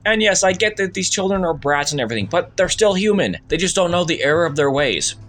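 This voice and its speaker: A man's voice: quick pace, a little hiss or hum. A young man giving a scripted, sarcastic commentary review with an exasperated edge. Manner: sarcastic, exasperated, lively swings in pitch. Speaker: video essayist.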